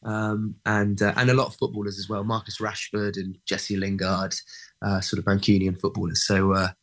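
A man's voice: fairly low pitch, flat delivery, normal speed, fairly bright tone. A young man, an actor, chatting in an interview, hesitant and full of fillers and restarts. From England. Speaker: actor guest. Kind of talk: casual interview chat.

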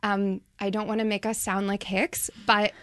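A woman's voice: mid-range voice, level tone, fairly bright tone, smooth, dry recording. Young woman playwright, thoughtful and dry. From Ohio. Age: 20s. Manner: thoughtful, with many ums and quick asides. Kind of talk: casual interview answers.

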